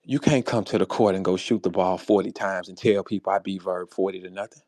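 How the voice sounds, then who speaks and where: A man from St. Louis ranting in a heated, casual way, blunt and profane, swinging between low grumbles and sharp high-pitched outbursts. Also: fairly even intonation, brisk, no echo, studio quality. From St. Louis, USA. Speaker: rapper speaking in an audio chat room.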